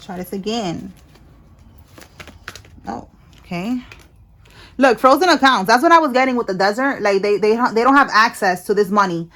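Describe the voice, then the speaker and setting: A woman's voice: medium pitch, animated, normal speed, long pauses, pushed and bright, slight background noise. A woman giving a casual tarot reading, talking bluntly with slang, swearing and frequent check-ins. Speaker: tarot reader.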